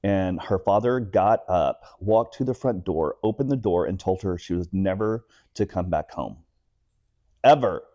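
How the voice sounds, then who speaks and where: On a lo-fi recording with no echo, a man in his forties from Texas speaks in a low voice, a little slowly. As a guest in a relaxed interview, he tells personal stories with energy, performing the voices of everyone he quotes.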